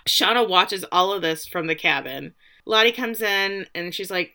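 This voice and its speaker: A woman's voice: fairly low pitch, moderate pace, pushed and bright. A woman co-hosting a podcast, chatting casually and jokingly quoting characters while recapping a show. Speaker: podcast co-host. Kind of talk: casual chat.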